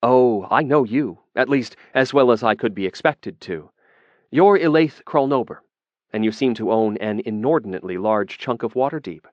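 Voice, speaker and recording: A man's voice: mid-range voice, expressive, normal speed, dry recording, lo-fi sound, pitched above the performer's own voice, close to an everyday voice. A man voicing a shrewd, wry woman merchant. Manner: persuasive, wry. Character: shrewd, devious female merchant, grinning and wry.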